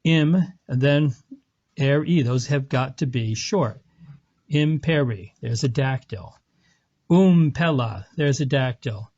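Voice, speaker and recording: A man's voice: medium pitch, slow pace, darkish tone, lo-fi sound. A man teaching Latin in a screen lecture, explaining patiently step by step with small self-corrections. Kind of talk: screen lecture walking through an example.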